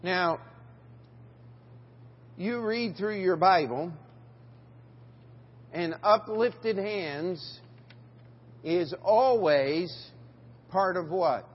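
This pastor has a high, slightly rough voice, drawing out his words and pausing often. Preaching in a church sanctuary, he asks the congregation questions and reads King James scripture aloud, with long reverb and a dull sound.

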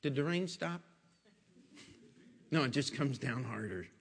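A man's voice: medium pitch, animated, measured pace, gravelly, breathy edge. A man pastor preaching a sermon in a folksy storytelling way, asking rhetorical questions, in a church. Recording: long echoing hall reverb.

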